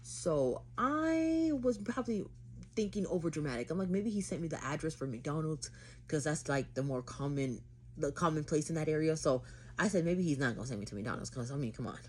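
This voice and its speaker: A woman's voice: low voice, lively intonation, brisk, a little mellow, slightly rough. A woman from Haiti chatting to camera, retelling a date in a dramatic, slangy storytime vlog. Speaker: vlogger.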